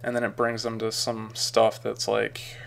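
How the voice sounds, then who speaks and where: A man talking through a screen-recorded software tutorial in a casual, rambling way with frequent ums and uhs. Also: on the low side, monotone, measured pace, vocal fry, slight background noise. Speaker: tutorial maker.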